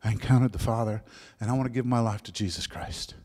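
A man's voice: medium pitch, steady tone, fast talker. Man preaching a testimony in a reverberant hall. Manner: storytelling, drops to soft whispers at emotional moments. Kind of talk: sermon testimony.

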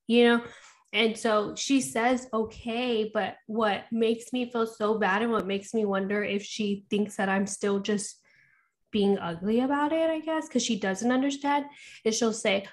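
Chatty young mom, laughing often. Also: female voice, a little high, fairly even intonation, unhurried. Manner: chatty, laughs often, lots of "you know". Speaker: podcast co-host. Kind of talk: casual chat.

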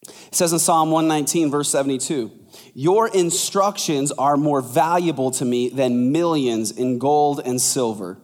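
A male pastor delivers a sermon in a fairly high voice, lively and conversational. He jumps into quoted voices with sudden leaps in pitch. His words ring out with the long reverb of a large hall. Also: measured pace.

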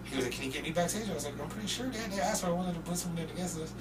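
A young man from Portland, a podcast guest, telling loose, profane stories in casual chat and shouting when he quotes people. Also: fairly high pitch, rapid-fire, crowd noise. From Portland, Oregon. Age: young adult. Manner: loose, profane, animated storyteller who often shouts when quoting people. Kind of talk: casual storytelling. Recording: distant mic with faint noise.

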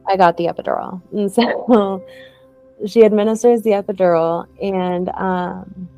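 A woman's voice: medium pitch, fairly even intonation, a little slow, dark tone, soft background music. A young woman telling her own story in a casual, chatty way, full of "like" fillers and light laughs.

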